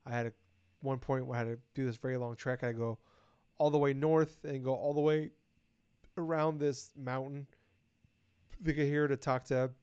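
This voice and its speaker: A man co-hosting a podcast, chatting casually and breaking into profane, animated rants. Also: mid-range voice, moderate pace, long pauses, smooth, dry recording. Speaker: podcast co-host. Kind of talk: casual chat. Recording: dull lo-fi recording.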